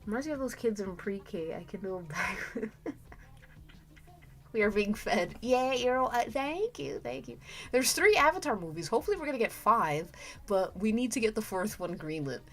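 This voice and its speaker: A woman's voice: medium pitch, expressive, moderate pace, fairly bright tone. A woman streamer chatting casually with viewers while she draws, giggling often and trailing off into restarts mid-thought. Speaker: streamer drawing live. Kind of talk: casual livestream chat while drawing. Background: faint background music.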